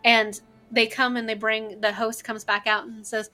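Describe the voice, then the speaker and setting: Bright-voiced woman running a tabletop game. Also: a little high, normal speed, few pauses, soft background music. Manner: animated, laughing often, loose fillers. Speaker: game master.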